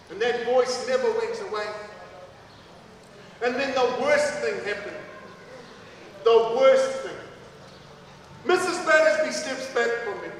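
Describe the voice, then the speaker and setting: A man tells a story to a room of schoolchildren, high in pitch and dramatic, swelling into loud bursts. He sounds far from the microphone in a big hall, with long reverb and a faint hum of ambience. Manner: dramatic, animated, builds to loud outbursts. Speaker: author and motivational speaker.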